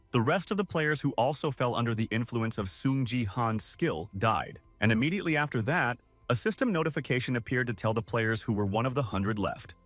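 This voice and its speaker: A man's voice: mid-range voice, fairly bright tone, no echo. A man narrating a comic recap in a storytelling manner, reading quotes in line with the story. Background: faint music.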